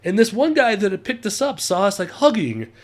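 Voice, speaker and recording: A man doing an earnest young German hitchhiker, his put-on German accent heavy and his voice lifted higher than usual. He sounds upbeat and sincere. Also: big pitch swings, brisk. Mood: earnest, cheerful.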